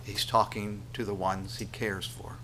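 A man preaching a sermon, swinging between loud emphatic lines and hushed ones. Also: fairly low pitch, level tone, a little slow, noisy background. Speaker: pastor.

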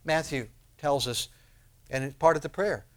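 A man preaching with a slightly raised pitch for his sex, moving between soft, low-pitched asides and loud, emphatic lines. He presses his points with rhetorical questions. His delivery is steady, with no single settled mood. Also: moderate pace. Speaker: pastor. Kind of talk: sermon.

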